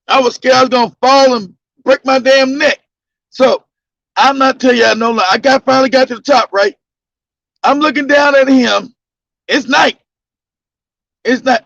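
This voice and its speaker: Man, podcast storyteller, bright husky voice, rowdy and profane. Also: very high voice, no room sound. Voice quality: gravelly. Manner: loud, laughing, profane storytelling with bursts of shouting. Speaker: podcast host telling a story. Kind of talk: casual storytelling. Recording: dull lo-fi dry sound.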